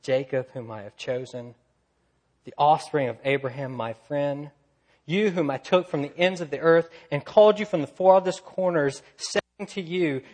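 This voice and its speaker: A man preaching a sermon, swinging from loud, lively storytelling to quiet, low emphasis. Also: moderate pace. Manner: earnest preaching, rising loud in stories, dropping soft and low. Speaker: pastor.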